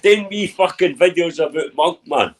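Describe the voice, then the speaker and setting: A man's voice: high-pitched, moderate pace. A young man chatting casually on a live stream call, rambling and swearing often. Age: young adult. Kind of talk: casual chat.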